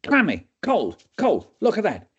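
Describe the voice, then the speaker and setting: A man putting on a booming excited old doctor. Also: unhurried, slightly rough, full character voice. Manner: booming, theatrical, lecturing students. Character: excitable older male hospital consultant. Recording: dull lo-fi audio.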